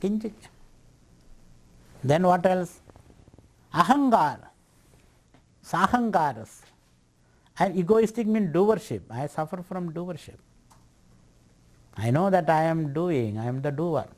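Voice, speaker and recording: A male spiritual teacher lectures on scripture at a retreat in a fairly high voice. He speaks playfully, laughs often and takes on the voice of a sceptic to test the teaching. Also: animated, takes it slowly, long pauses, a little mellow. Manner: playful, laughing, voicing a doubter's objections.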